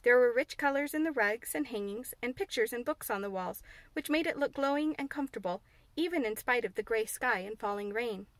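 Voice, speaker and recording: Woman reading a storybook out loud, high voice, super dry close sound. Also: brisk, dry recording. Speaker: audiobook reader. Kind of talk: scripted narration.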